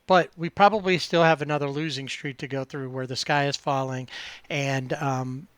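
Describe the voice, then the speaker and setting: A man's voice: medium pitch, fairly even intonation, moderate pace, fairly bright tone, clean tone, no room sound. Chatty man, dry close sound. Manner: rambling, many fillers and restarts. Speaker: podcast co-host. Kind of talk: casual sports chat.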